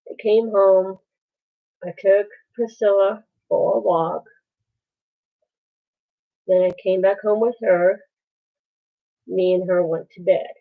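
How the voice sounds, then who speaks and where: A woman telling a painful story on a live stream, halting and pausing as she goes. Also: mid-range voice, fairly even intonation. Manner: halting, with many pauses and restarts. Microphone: phone. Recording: tinny phone-like sound.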